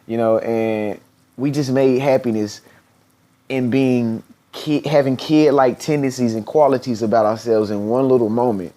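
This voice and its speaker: A man talks straight to the camera in an earnest, preachy motivational style, at a middling pitch. He leans on repetition to drive his points home. Now and then his voice jumps high and squeaky as he acts out the people he quotes. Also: warm tone. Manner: earnest and preachy, repeating phrases for emphasis. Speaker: motivational speaker. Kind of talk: motivational vlog talk.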